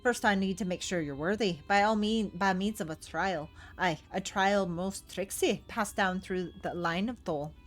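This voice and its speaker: A woman voicing a gruff, wary male dwarf chief in a put-on Scottish accent, read aloud over a game. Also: mid-range voice, moderate pace, few pauses, faint music behind, natural voice. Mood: hearty. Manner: hearty, folksy, brogue-heavy.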